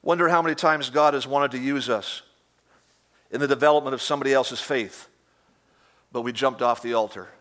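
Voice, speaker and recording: A man's voice: mid-range voice, fairly quick, pauses often, a bit bright. A middle-aged man preaching a sermon with fervent, emphatic repetition.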